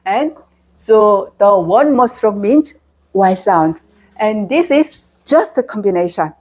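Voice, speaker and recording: Slow, patient Korean-accented woman teacher. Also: medium pitch, animated, a little mellow. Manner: drills sounds, repeating syllables for learners. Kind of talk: slow, patient pronunciation lesson.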